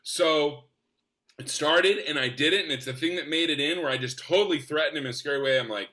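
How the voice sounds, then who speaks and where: A man in his forties with a bright, forceful voice, from the Northwest of the US. He tells stories with real enthusiasm, jumping into other people's voices as he goes. His pitch sits a little high for a man. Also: a little fast. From Spokane, US. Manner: enthusiastic, animated, acts out quotes. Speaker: actor guest. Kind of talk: casual podcast storytelling.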